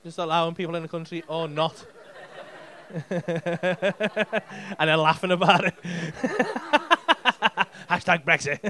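A stand-up comedian with a thick Liverpool accent, bantering cheekily with the crowd and swearing freely. His voice sits high and sounds bright and forceful, with a faint hum underneath. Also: level tone, fast, few pauses. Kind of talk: crowd work. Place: comedy club stage.

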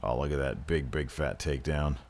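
Casting: low-voiced guy, mock announcer calling game wrestling, crude jokes. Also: brisk, vocal fry, darkish tone. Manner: jokey, profane, mock-announcer hype. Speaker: gameplay commentator. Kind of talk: mock wrestling play-by-play over gameplay.

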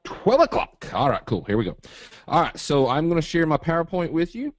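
A man's voice: on the high side, lively intonation, fairly quick, dry recording. A man from Eastern Kentucky with a Southern drawl, presenting a live trading webinar in a folksy, joking, straight-talking way.

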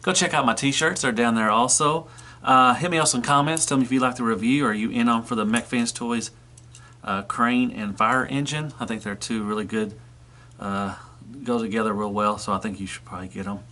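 A man's voice: mid-range voice, moderate pace, sharp tone. Rambling man reviewing toys casually. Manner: rambling, full of "you know" fillers. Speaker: toy reviewer.

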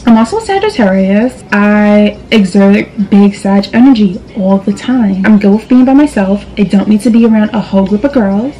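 Young female beauty vlogger, sassy and direct, warm mellow tone, faint room hiss. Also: medium pitch, normal speed, hardly any pauses, poor audio. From New York. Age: young adult. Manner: sassy, direct, calls viewers girl and boo. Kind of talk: casual makeup tutorial chat. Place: indoors at a vanity.

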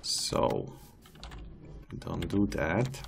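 A man's voice: low-pitched, lively intonation, drawn-out words, vocal fry, a little hiss or hum. A man giving casual gameplay commentary as a channel host, chatty and amused as he coaxes animals along.

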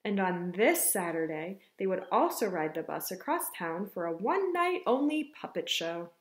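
A woman teacher reading a picture book aloud to children, telling it in an expressive, unhurried way. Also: lowish voice. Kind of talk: storybook read-aloud. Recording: echoey room.

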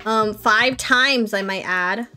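A woman's voice: medium pitch, slow, pushed and bright, faint music behind. A woman giving casual let's-play commentary, chatting to viewers and playfully scolding her game characters. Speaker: gameplay streamer.

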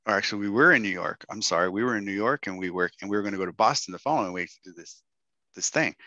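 A man's voice: on the low side, racing, sharp tone, no room sound, dull audio. A middle-aged man from Texas, telling a story to a workshop audience and acting out the quotes in raised voices. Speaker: guest speaker.

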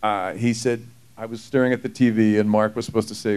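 A man telling lively stories at a convention panel, quick to act out other people's voices and to laugh. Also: on the low side, smooth. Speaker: actor panelist.

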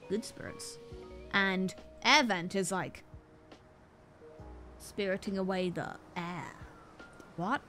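A woman's voice: medium pitch, a bit bright. A woman streaming a game, chatting playfully, joking at herself and laughing often. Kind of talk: casual game-stream commentary.

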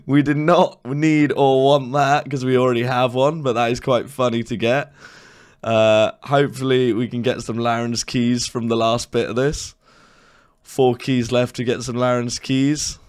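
A young man with a hoarse, worn voice, commenting excitedly on his own gameplay and cursing at his bad luck. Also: medium pitch, unhurried. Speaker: gaming video creator.

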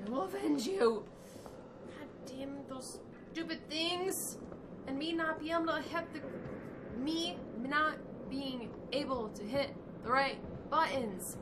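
A woman playing a horror video game and commenting on it casually, reacting emotionally with shouts and quiet, sad muttering. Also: high voice, noisy background. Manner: emotional, swings between shouting and sad mumbling. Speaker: let's play gamer.

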